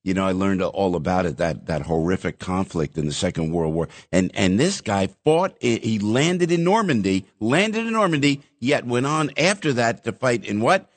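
A man's voice: low voice, expressive, normal speed, hardly any pauses. A middle-aged man hosting a casual call-in radio show, joking with callers and loose with fillers. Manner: teasing, loose, filler-heavy. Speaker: radio host.

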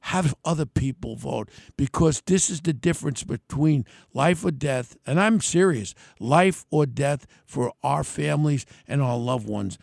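An older man, a podcast host giving a blunt, heated solo rant in a gravelly voice. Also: medium pitch, expressive, measured pace, hardly any pauses, darkish tone, no echo, studio quality.

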